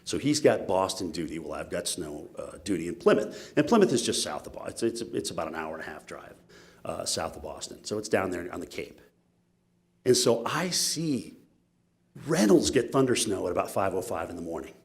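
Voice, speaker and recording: Guy giving a keynote, kinda low voice, tells stories all animated and poking fun at himself. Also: brisk, vocal fry. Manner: animated, self-mocking storytelling. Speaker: keynote speaker. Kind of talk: storytelling keynote speech.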